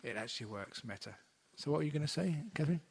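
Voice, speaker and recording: A man's voice: fairly high pitch, animated, fast, gravelly, a little hiss or hum. A man, a Buddhist monk, telling a teaching story to an audience in a chatty way and acting out the characters. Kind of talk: dharma talk storytelling. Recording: long hall reverb.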